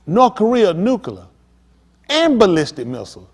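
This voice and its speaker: A man's voice: on the high side, lively intonation, normal speed. A male pastor preaching a sermon, talking straight to the congregation with emphatic, pressing questions. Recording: long hall reverb.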